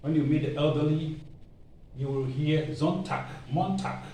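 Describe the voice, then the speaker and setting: A man with a Ghanaian English accent teaching a language lesson, patiently repeating words slowly for learners. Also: fairly high pitch, warm tone, slight background noise. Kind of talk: slow spoken language lesson. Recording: echoey room, mic far off.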